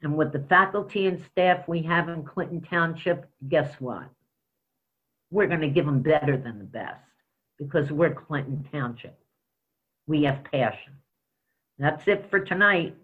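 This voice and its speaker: A man's voice: on the high side, measured pace, pauses often. A man serving as interim school superintendent, giving an emphatic report with stories at a school board meeting. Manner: emphatic, storytelling with quoted dialogue. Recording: tinny phone-like sound.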